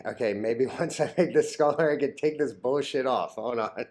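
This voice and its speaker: A man's voice: medium pitch, moderate pace, darkish tone. A man vlogging about stocks in a crude, rambling casual rant, full of "like" fillers, laughing at his own jokes and getting easily flustered.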